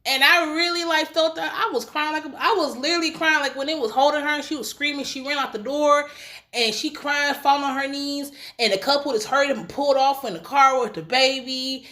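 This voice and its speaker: A woman recapping a TV episode in a casual, slangy, chatty way, getting animated and emotional as she retells scenes. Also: sits high, fairly quick. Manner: casual slangy speech with swearing. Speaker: TV recap reviewer.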